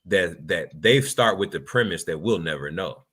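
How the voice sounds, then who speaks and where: A man's voice: deep voice, expressive, normal speed, background noise. A man co-hosting a casual chat, talking bluntly and emphatically with plenty of profanity. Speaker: podcast co-host.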